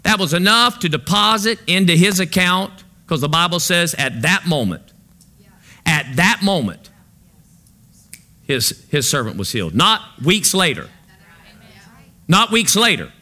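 This pastor's sermon is built on fill-in-the-blank questions for the congregation, delivered in a high, very bright, consistently sharp and forward voice. He moves unhurriedly, with big pitch swings and long pauses.

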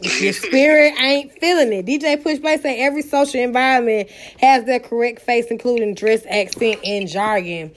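A woman's voice: fairly high pitch, normal speed. A woman hosting a casual live-audio show on an app, talking bluntly and emphatically with plenty of slang. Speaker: host of an app radio show.

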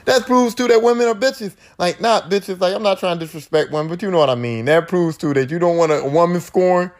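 A man's voice: high-pitched, brisk. A man hosting a podcast, recapping a horror film in a casual, profane monologue and acting out the characters' lines. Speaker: podcast host.

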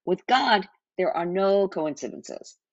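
A woman's voice: mid-range voice, animated, slow, no room sound, muffled recording. A woman reading and teaching a Bible passage in an earnest devotional style. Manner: earnest, reads scripture aloud with small slips.

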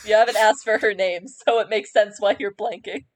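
A woman narrating as game master of a tabletop game, relaxed and descriptive. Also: mid-range voice, moderate pace.

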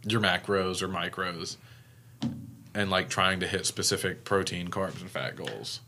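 A man's voice: deep voice, background noise. A young man co-hosting a casual podcast chat, laughing easily and speeding up as he explains. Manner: laughs easily, talks fast when explaining. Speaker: podcast co-host.

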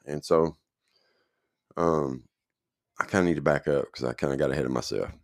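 A man's voice: rumbling low, moderate pace, no room sound, studio quality. A man telling his own recovery story in a casual, rambling way, often checking in with the listener.

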